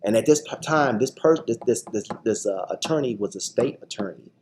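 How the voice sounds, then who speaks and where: A man in a radio interview recounts his own story in an emphatic, testimony style. He repeats and restarts his words often, at an ordinary middle pitch, with a faint hiss behind him. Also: lively intonation, fairly quick. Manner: acts out quoted voices. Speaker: guest, TV show founder.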